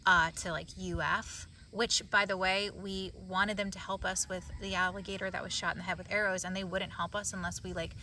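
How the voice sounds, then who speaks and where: A woman's voice: mid-range voice, flat delivery, pushed and bright, slight background noise. Woman co-host, talkative run-on delivery, outdoors, distant mic with faint ambience. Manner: talkative, quick run-on storytelling. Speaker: sanctuary co-host. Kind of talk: casual vlog chat. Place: outdoors at an animal sanctuary.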